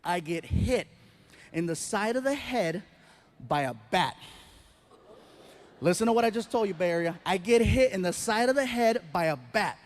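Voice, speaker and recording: A man performs stand-up comedy, animatedly telling a story and acting out the voices of its characters. His voice sits high, at a moderate pace broken by long pauses.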